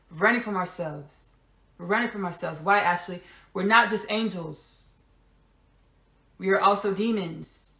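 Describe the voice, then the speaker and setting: A woman hosting a spiritual podcast, talking alone in a roomy, echoing space. She repeats her key lines again and again for emphasis and slips in casual, offhand asides. Her voice sits at a middle pitch. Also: a bit bright. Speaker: podcast host. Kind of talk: spiritual monologue.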